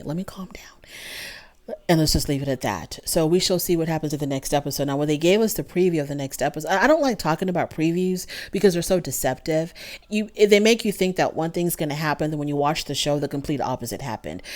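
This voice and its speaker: A woman hosting a casual reality TV recap, opinionated and animated, thinking aloud with restarts. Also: sits low. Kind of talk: casual commentary.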